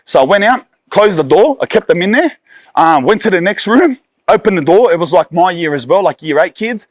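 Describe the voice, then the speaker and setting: A man's voice: high voice, expressive, fairly quick, no room sound, clean studio sound. An Australian man in his thirties from Sydney, telling a story bluntly with heavy swearing and street slang. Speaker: storyteller guest. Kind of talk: casual storytelling.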